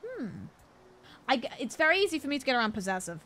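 A woman streamer talks casually through a game, her voice sitting a little on the high side. She is playful and giggly as she tries out Japanese words. She jokes with her audience the whole time. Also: sing-song, quick pace, sharp tone, slight background noise.

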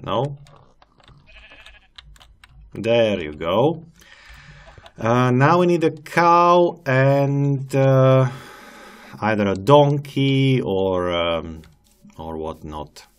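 A man's voice: medium pitch, very animated, extremely slow, pauses often, clean tone. A man giving casual gameplay commentary as a channel host, chatty and amused as he coaxes animals along.

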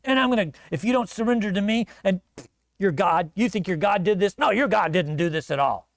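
A swaggering, bullying army commander jeers and threatens in a raised, gravelly voice, as a preacher puts him on. The sound is close and dry. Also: male voice, sits high, expressive, a little fast, no room sound, voice pushed up. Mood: threatening. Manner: mocking, bullying. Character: boastful threatening male enemy army commander.

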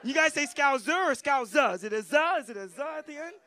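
American man, young adult, stand-up comic, high pitched, bright tone, casual profane banter. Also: animated, brisk. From United States. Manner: loose, chatty crowd work with profanity. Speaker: stand-up comedian. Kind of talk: stand-up comedy set. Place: comedy club stage.

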